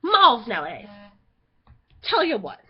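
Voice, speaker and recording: A teenage girl telling a story to her vlog viewers in a chatty way, full of "like" fillers, getting loud when excited. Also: fairly high pitch, measured pace, slightly rough, muffled recording. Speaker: vlogger.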